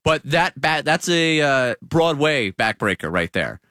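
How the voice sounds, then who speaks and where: A man's voice: fairly high pitch, very animated, unhurried, bright, forceful tone, no room sound. A man hosting sports talk radio, breaking down the team's start in a studio. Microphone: studio mic.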